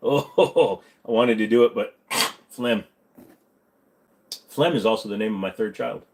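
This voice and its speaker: A man with a stuffy, congested voice hosting a casual livestream Q&A, joking and rambling with quick asides. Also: lowish voice, fairly even intonation, gravelly, rough recording. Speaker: streamer hosting a Q&A.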